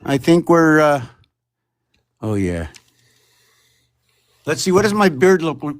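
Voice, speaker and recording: A man's voice: a little high, very animated, slow. A man hosting a casual livestream from home, rambling and musing aloud about words and numbers. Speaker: livestream host.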